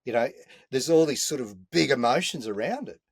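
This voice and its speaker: An Australian man, a podcast guest, telling a story in an animated, earthy way with a few mild swear words, speaking from inside a caravan. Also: mid-range voice, a little fast, vocal fry, slightly rough, no room sound. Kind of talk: casual storytelling chat.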